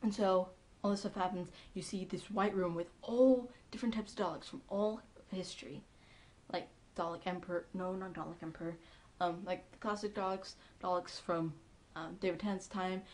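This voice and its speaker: A woman giving a casual, excitable recap of a TV episode, chatty and full of ums and likes. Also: on the low side, normal speed. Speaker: TV episode reviewer.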